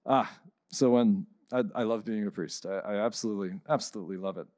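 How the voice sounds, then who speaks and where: A man, a priest, giving a conference talk and telling a story, lively and acting out the people he quotes. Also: lowish voice, brisk, dry recording, studio quality. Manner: animated storyteller, acts out quoted voices.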